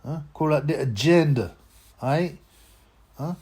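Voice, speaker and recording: A man's voice: fairly high pitch, slow pace, a little mellow, husky. A man hosting a boxing channel, talking in a rambling, mocking rant with lots of stammered restarts. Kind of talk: casual rant to camera.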